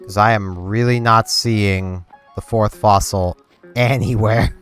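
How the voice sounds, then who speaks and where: A young man with a low, smooth voice rambles slowly and easily as he plays a game on his channel. He fills his talk with "like" over faint game music.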